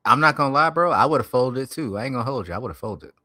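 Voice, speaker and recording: A man's voice: medium pitch, expressive, quick pace, pushed and bright. A man streaming, reacting to a video with profane, incredulous commentary and repeated "bro". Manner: incredulous, swears heavily, says "bro".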